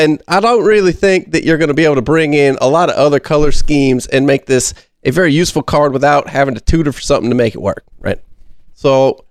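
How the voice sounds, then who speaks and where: A man's voice: fairly high pitch, no echo, studio quality, lightly acted. A man doing a folksy Midwestern country drawl.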